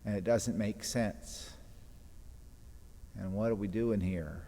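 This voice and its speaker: In a church with long reverb, a priest with a warm, lowish voice preaches a homily at a slow pace. He retells the gospel story dramatically, acting out its voices and speaking the scripture quotes in character.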